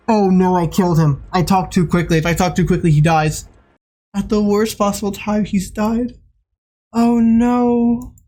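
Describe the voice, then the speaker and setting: An excitable gaming video host giving joking casual commentary. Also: medium pitch.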